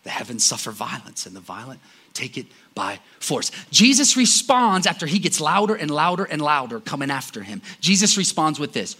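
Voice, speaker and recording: Impassioned husky male preacher. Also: big pitch swings, normal speed. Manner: impassioned, swings between loud cries and low murmurs. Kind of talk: sermon.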